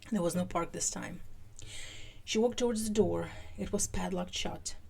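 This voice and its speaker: A woman's creaky voice, on the low side, carries a live fan fiction reading on her podcast. She's animated while reading, but her asides are halting.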